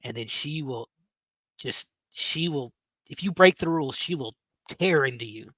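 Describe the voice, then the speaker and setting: A man in his thirties, a podcast host, telling a story in a casual, animated way, swearing and laughing as he goes. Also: medium pitch, unhurried, no echo. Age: 30s.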